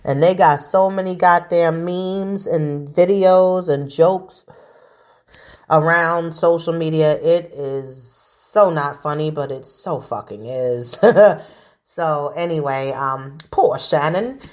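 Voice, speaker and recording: A woman's voice: low-pitched, slow, darkish tone. A woman in her forties hosting a casual chat show, telling stories in a chatty, profane way. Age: 40s. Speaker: host.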